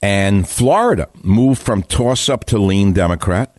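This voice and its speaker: A man's voice: on the low side, animated, a little slow, a little mellow, no room sound, studio quality. Sardonic older male talk radio host. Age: 70s. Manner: opinionated, rambling, sardonic. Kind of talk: radio monologue.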